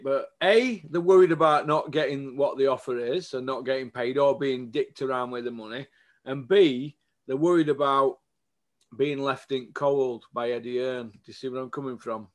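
A man's voice: mid-range voice, normal speed. A man, ranting bluntly about boxing to camera and keeps asking for agreement. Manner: blunt, animated, asks for agreement. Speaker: boxing vlogger. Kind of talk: casual opinion rant to camera.

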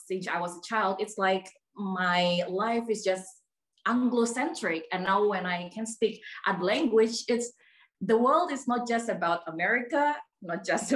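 Woman, workshop participant, personal story, hesitant, fillers, middle pitch, echoey room. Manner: hesitant, many fillers, lively. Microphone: video call.

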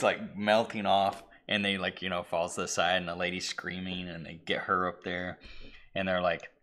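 Low-voiced man rambling through a movie plot. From Irish heritage (family, not place). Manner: rambling, acts out lines with shouts and whispers. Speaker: podcast co-host. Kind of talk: casual chat retelling a movie.

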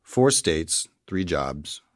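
A man with an extremely deep voice gives an earnest, reflective testimony about his past. The recording is dry and close. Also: sing-song, drawn-out words, dry recording. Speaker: testimonial speaker.

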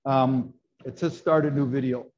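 Speaking at a moderate pace with a medium pitch and fairly even intonation, a baking instructor leads a live class from a kitchen classroom. He's chatty, full of fillers and frequent "right?" checks, with a crowd in the background and dull lo-fi video call sound.

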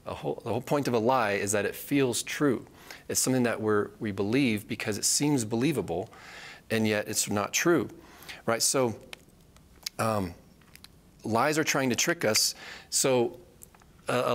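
A man's voice: moderate pace, fairly bright tone. A man giving conversational Bible teaching, earnest, checking in with "right?" and acting out quoted voices. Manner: earnest, repeats points with "right?" tag questions; acts out quoted voices in a higher pitch.

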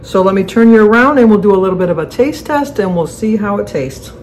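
A woman's voice: medium pitch, expressive, quick pace, darkish tone, a little hiss or hum, rough recording. A woman hosting a casual home cooking video, chatty and correcting herself mid-sentence as she explains each step in her kitchen. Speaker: cooking channel host.

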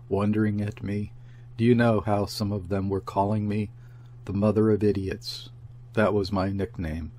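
A man's voice: low voice, a little mellow. A man voicing a grief-stricken young peasant wife in an audiobook, pouring out bitter words in a rush.

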